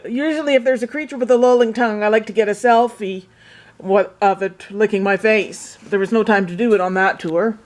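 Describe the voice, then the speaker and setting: A woman's voice: mid-range voice, darkish tone. Chatty woman showing off her crafts. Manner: chatty and enthusiastic, rambling with restarts. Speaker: vlogger. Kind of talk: casual show-and-tell vlog.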